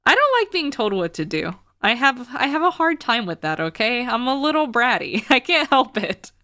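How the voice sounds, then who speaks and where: A young woman streamer chats casually with a bright, crisp, tense voice. Her talk is sarcastic, with frequent laughter. The sound is dry and close, from a desk mic at home. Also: on the high side, big pitch swings, normal speed, no echo. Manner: chatty and sarcastic, laughs often. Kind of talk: casual chat while livestreaming a game.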